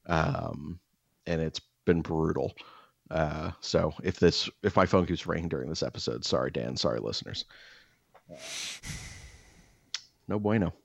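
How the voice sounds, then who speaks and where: A man co-hosting a podcast, telling a story in casual chat, animated and swearing as he acts out quotes. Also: extremely low pitch, a little slow, gravelly, pauses often, slightly rough, no room sound, dull audio. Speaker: podcast co-host.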